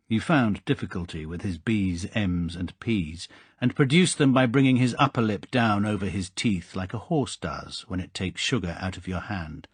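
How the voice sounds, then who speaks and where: A man narrates an audiobook in a calm, measured way. His voice is low and a little husky, with a close, dry sound. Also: dry recording. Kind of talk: scripted narration.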